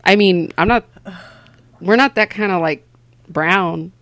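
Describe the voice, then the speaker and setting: A woman stand-up comedian from Southern California, a podcast guest rambling through stories in animated, casual interview chat. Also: fairly low pitch, a little slow, no echo.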